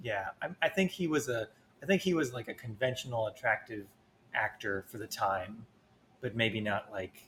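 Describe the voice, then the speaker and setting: A man's voice: on the low side, normal speed, fairly bright tone. A man co-hosting a casual film chat, laid-back and hesitant, with faint background noise. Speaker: podcast co-host.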